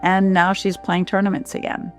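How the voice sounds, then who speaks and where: A woman who founded a clinic, giving a heartfelt, emotional testimonial with halting fillers and repeats. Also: medium pitch, monotone, soft background music.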